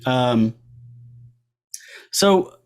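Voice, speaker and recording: A man's voice: medium pitch, lively intonation, drawn-out words, clear, resonant tone. A man hosting a casual film podcast, rambling along with lots of filler words. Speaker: podcast host.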